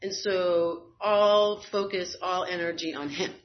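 Speaking slowly with a lowish voice and fairly even intonation, a woman tells a personal story as a guest. She's candid and wry, with fillers and bursts of laughter, on slightly dull audio carrying faint noise.

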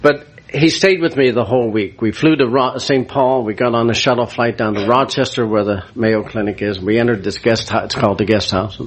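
A man's voice: mid-range voice, brisk, hardly any pauses. A man, a priest, giving an emotional personal testimony about his recovery. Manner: emotional, animated storyteller.

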